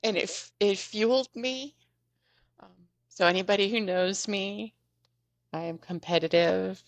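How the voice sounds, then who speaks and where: A woman podcast guest telling a story in an animated, chatty way, often laughing as she goes. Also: medium pitch, a little slow, no room sound. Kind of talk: casual storytelling.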